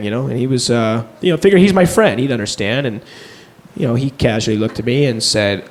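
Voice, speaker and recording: A man's voice: mid-range voice, lively intonation, brisk. A young man doing a rambling, profane, self-deprecating stand-up set on a comedy stage. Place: comedy stage before a live audience. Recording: live club recording with loud crowd noise.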